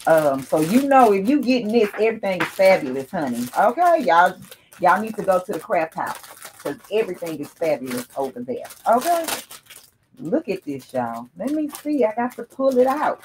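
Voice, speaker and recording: A woman chatting casually to her viewers as she unboxes gifts, calling them y'all and breaking into excited exclamations. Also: medium pitch, moderate pace, background noise.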